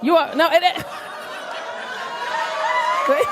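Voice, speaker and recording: Brash woman comedian, lively high voice. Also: measured pace, long pauses, noisy background. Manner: brash, crowd work, acts out voices. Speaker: stand-up comedian. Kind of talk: stand-up comedy. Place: comedy club stage with audience. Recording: live club with crowd laughter.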